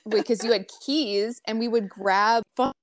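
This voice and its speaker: A woman's voice: a little high, measured pace. A woman hosting a chat show, asking eager questions in a conversational way. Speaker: podcast host. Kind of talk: conversational interview.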